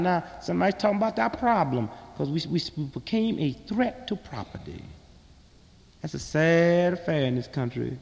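A man's voice: sits high, in a large hall. A man delivering a political stand-up monologue in a fiery, preaching, sarcastic manner to a live audience. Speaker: comedian and speaker.

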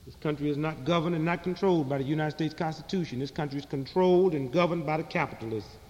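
Male comic, high voice, fiery and sarcastic political monologue, live hall echo. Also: fast talker, darkish tone, dull audio. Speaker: comedian and speaker.

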